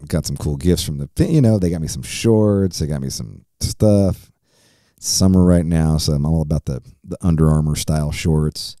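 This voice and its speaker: A man's voice: rumbling low, mellow, no echo, studio quality. A man in his forties hosting his own podcast, chatting casually in a rambling, profane way and laughing often. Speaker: podcast host. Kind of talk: casual solo podcast chat.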